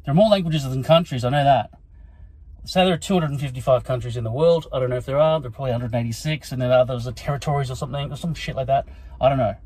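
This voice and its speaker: Man, worn out and short on sleep, mid-pitched, profane self-deprecating vlog rant into a phone. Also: rapid-fire, a little mellow, no room sound, poor audio. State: exhausted and sleep-deprived. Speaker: vlogger. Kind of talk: rambling self-recorded rant.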